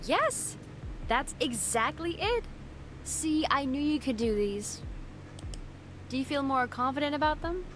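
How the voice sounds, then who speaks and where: A woman voicing a playful, cookie-loving young woman friend in a game, bubbly and teasing, quick to laugh. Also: high voice, lively intonation, slight background noise. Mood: encouraging.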